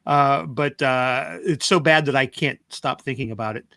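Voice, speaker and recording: A man's voice: mid-range voice, moderate pace, gravelly, pushed and bright, dry recording. A man co-hosting a review podcast in casual chat, wry and hesitant with frequent "uh"s. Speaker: podcast co-host.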